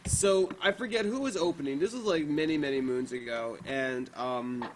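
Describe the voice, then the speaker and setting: A man's voice: fairly high pitch, moderate pace, a little hiss or hum, rough recording. A young man hosting a podcast, chatting casually and telling a story full of fillers and swearing. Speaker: podcast host. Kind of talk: casual chat.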